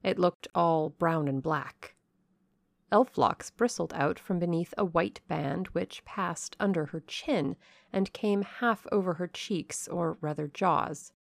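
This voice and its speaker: Lady reading an old novel for audiobook, slow, low voice w/ gravelly fry, dry close mic. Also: no room sound. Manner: measured, even reading. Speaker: audiobook reader. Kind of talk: scripted audiobook narration.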